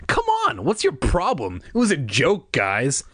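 A man's voice: mid-range voice, wildly swooping pitch, measured pace, fairly bright tone, slightly rough, dry recording, clean studio sound, voice pushed up, heavily acted. A man voicing a mischievous, cocky boy who whines and scoffs. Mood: protesting. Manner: whiny, protesting.

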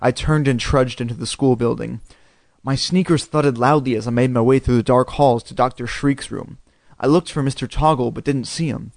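A man reading a spooky children's storybook aloud, in an expressive, dramatic way. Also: mid-range voice, normal speed, gravelly, no echo, studio quality. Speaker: reader.

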